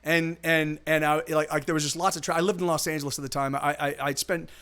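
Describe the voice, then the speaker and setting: High, bright-voiced rambling man. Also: level tone, fast talker, clean tone. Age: adult. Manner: rambling, profane storyteller. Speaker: musician streaming live. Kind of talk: casual chat between songs.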